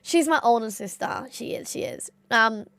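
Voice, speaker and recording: High, bright, congested Australian woman streamer. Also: animated, moderate pace, dry recording. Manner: chatty storyteller, rambling with many "like" fillers. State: nasal congestion. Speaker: game streamer. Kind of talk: casual live-stream chat.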